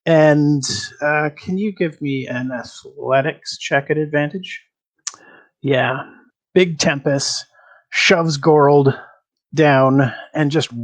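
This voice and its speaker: A man narrating a tabletop game as game master in an unhurried, descriptive way. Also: medium pitch, steady tone, rough recording.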